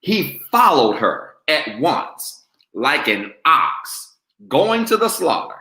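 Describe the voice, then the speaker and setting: Male pastor, slow and bright, preaching with call and response in an echoey church. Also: fairly high pitch, very animated. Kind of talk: sermon.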